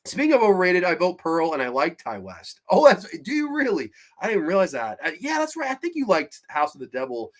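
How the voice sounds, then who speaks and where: A man's voice: high voice, huge pitch swings, brisk, few pauses. A man hosting a live horror show, reading chat and ranting bluntly with profanity. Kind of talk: casual live-stream chat.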